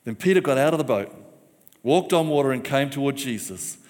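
A male preacher delivering a rousing sermon, leading his congregation in repeated call-and-response lines. His voice sits at an ordinary middle pitch and rings out with a long reverb that fills the church hall. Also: expressive, a little fast, darkish tone.

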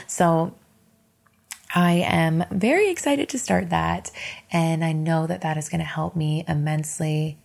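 Low gravelly woman podcasting from bed. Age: 30s. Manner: candid, emotional, encouraging, swears casually. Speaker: podcast host. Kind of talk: casual solo podcast monologue. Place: in bed at home.

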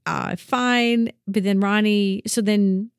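A woman co-hosting a podcast, chatting casually about a movie, animated and full of "like" as she acts out lines. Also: mid-range voice, takes it slowly, clean tone, dry recording, studio quality. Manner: animated, lots of "like", acts out quotes. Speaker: podcast co-host. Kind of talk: casual film discussion.

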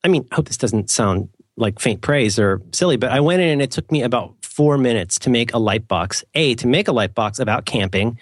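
A man's voice: mid-range voice, lively intonation, fairly quick, few pauses, no room sound, clean studio sound. A man co-hosting a podcast in casual chat, rambling and self-mocking with playful mock-formal asides. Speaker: podcast co-host.

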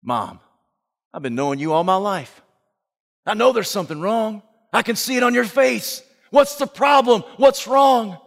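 A preacher voicing an urgent, pleading grown son. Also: male voice, a little high, expressive, moderate pace, long pauses, in a large hall, lightly acted. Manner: urgent, raised.

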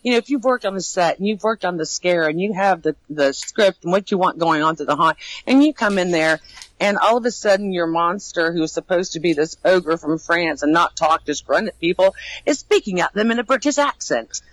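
A woman's voice: fairly low pitch, expressive, brisk, rough recording. A woman who trains actors for a haunted attraction, talking casually and animatedly in an interview and laughing often.

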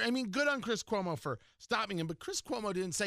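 A man's voice: high-pitched, animated, brisk, hardly any pauses, pushed and bright, dry recording, clean studio sound. A man hosting a talk radio show, delivering sarcastic, mocking political commentary.

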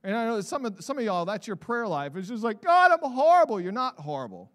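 A man preaching a sermon as pastor of his church, animated, building to shouts and putting on mock voices for examples. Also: high-pitched, a little fast, long reverb tail. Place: church sanctuary.

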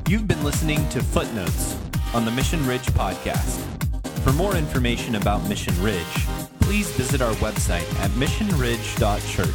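A man reading a scripted podcast outro in an upbeat, tongue-in-cheek way. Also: medium pitch. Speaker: podcast announcer. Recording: over loud electronic music.

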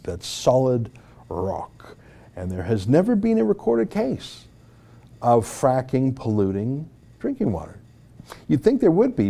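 A man's voice: mid-range voice, mellow. A man from Alberta, hosting political commentary in an emphatic, argumentative way with frequent fillers and restarts. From Alberta, Canada. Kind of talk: opinionated commentary.

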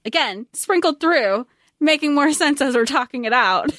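A woman's voice: sits high, animated, normal speed, a bit bright, dry recording, studio quality. A woman co-hosting a podcast, reflecting on a book and working through her notes aloud. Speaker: podcast co-host. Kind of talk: casual book discussion.

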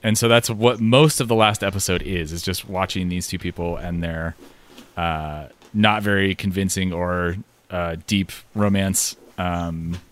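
Speaking unhurriedly in a low voice, this man serves as co-host in a loose conversation. He rambles and uses filler words, swears freely, and laughs animatedly while offering his critiques.

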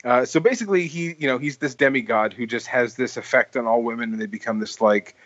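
A man rambles through a story on a casual podcast, restarting his sentences often. His voice sits at an ordinary pitch and sounds dry and close. The sound is a little dull. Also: fast, a bit bright, dry recording. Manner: rambling, full of "like" and restarts, laughs while telling stories. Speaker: podcast host.

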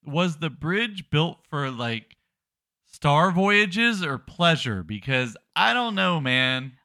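A man's voice: a little high, very animated, slow pace, sharp tone, dry recording, studio quality. Wry, rambling young man. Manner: wry, rambling, playfully indignant. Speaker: podcast co-host. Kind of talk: casual chat.

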